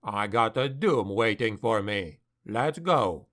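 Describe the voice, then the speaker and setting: A man voicing a gruff, grim male dwarf warrior who speaks curtly and scornfully, for an audiobook. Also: on the low side, lively intonation, slow pace, fairly bright tone, pitched below the performer's own voice. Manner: growling, curt, scornful.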